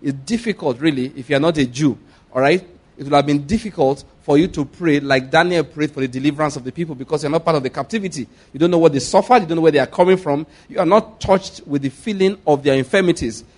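A man's voice: fairly high pitch, fast, a little mellow. A male pastor preaching a sermon, repeating his points and asking the congregation to respond.

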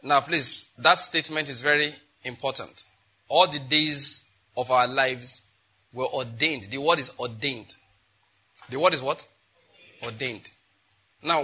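Male pastor, sermon delivery, emphatic, sharp bright tone. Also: a little high, slightly rough. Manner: emphatic, quizzes the congregation. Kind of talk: sermon with scripture reading.

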